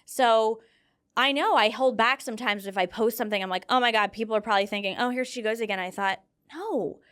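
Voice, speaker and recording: A woman's voice: on the high side, fairly quick, clear, resonant tone. A young woman talking earnestly about grief in a casual conversation, telling stories with feeling. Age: young adult. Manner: earnest, animated storytelling with fillers. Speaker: guest.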